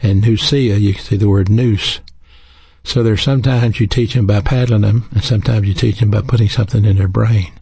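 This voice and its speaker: A man preaching in an earnest, teaching manner, his low voice gravelly and husky. The tone is dark and mellow, and the sound is close and dry with no room around it. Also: fairly even intonation, fairly quick, no echo. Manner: earnest, teaching, spells out words. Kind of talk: sermon.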